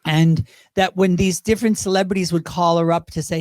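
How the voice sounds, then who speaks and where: A man's voice: high voice, moderate pace, few pauses, no room sound, studio quality. A man in his fifties, a drag performer telling rambling stories as an interview guest. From Great Britain. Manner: chatty, rambling, slips into impressions. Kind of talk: casual interview storytelling.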